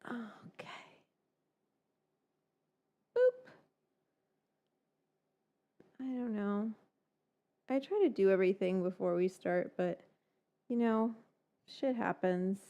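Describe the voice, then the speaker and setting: A woman hosting a live cooking stream, rambling in casual chat, swearing now and then and muttering quiet asides. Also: mid-range voice, measured pace, pauses often, dull audio. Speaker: cooking show host.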